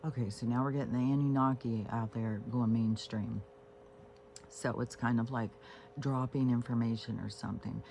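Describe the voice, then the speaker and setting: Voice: mid-range voice, fairly even intonation, moderate pace, vocal fry, a little mellow, slight background noise. Rambling, cursing home vlogger. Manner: profane, meandering, frequent fillers and restarts. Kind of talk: casual rambling monologue. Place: at home on a couch with pets.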